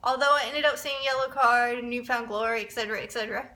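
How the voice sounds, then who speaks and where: A young woman telling a rambling, excitable story in a casual vlog, often restarting her sentences. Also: fairly high pitch, fast. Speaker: vlogger.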